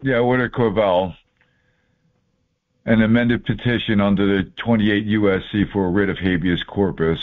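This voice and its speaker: A man's voice: lowish voice, steady tone, normal speed. A man walking through court documents in a folksy, informal way, marking items off one by one with sarcastic asides. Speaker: presenter explaining court papers. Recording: tinny phone-like audio.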